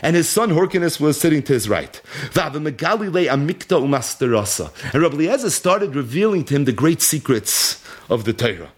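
A man's voice: on the high side, a little fast, breathy edge. A man teaching a Torah class as a story, reading Aramaic lines aloud and translating each one, with rhetorical questions to his listeners. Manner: animated, reads Aramaic then translates line by line.

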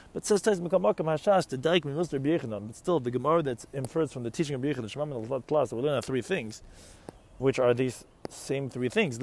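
A man's voice: medium pitch, a little mellow. A man giving a Talmud lecture, reading Aramaic phrases and explaining each one in English, often posing questions to his listeners. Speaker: Talmud teacher.

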